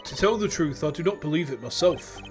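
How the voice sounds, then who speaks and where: A man voicing a graceful foreign woman singer who speaks calmly and formally in a lowered voice. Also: brisk, music in the background, close to an everyday voice.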